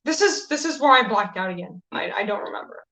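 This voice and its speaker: A woman's voice: mid-range voice, expressive, fast talker, sharp tone, low-quality recording. A woman co-hosting a casual movie review chat, chiming in with crude jokes and laughter. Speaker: co-host.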